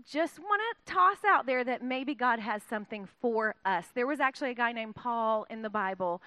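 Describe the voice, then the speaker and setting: A woman's voice: fairly high pitch, expressive, normal speed, pushed and bright, clear, resonant tone, no echo. A middle-aged woman giving an informal, self-deprecating sermon, laughing often. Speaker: guest speaker filling in at church.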